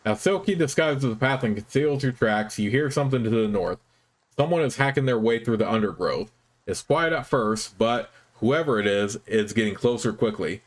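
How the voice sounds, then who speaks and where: A man hosting a let's play, reading the game's narration aloud in a measured, even way. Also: mid-range voice. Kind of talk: reading game text aloud.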